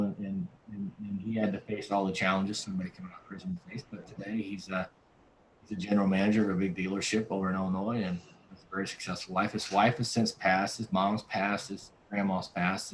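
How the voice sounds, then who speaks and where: A man's voice: lowish voice, steady tone, fairly quick, a bit bright, slight background noise, poor audio. A male pastor telling a story in a conversational interview, earnest and full of restarts. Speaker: pastor and podcast guest.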